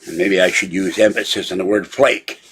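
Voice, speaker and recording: A man's voice: low-pitched, steady tone, a little fast, fairly bright tone, a little hiss or hum. A man hosting his own channel, talking casually at his computer and complaining at length in an irritated, rambling way. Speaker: channel host. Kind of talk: casual live video rant.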